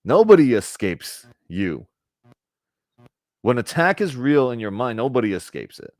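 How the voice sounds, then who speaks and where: A man's voice: medium pitch, sing-song, unhurried, darkish tone, no echo, studio quality. A man giving a conversational spiritual talk to a group, often checking in with "right?" and acting out little bits of dialogue. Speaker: spiritual teacher.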